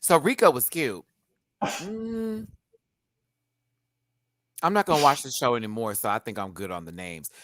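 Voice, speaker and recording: A man co-hosting a live TV review. He is loud and theatrical, his voice leaping around with a bright, forceful edge. The recording is dry and close. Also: mid-range voice, expressive, unhurried, pauses often, no room sound. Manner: loud, theatrical, swinging from murmurs to shrieking punchlines. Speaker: co-host of a live review show. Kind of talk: casual live review chat.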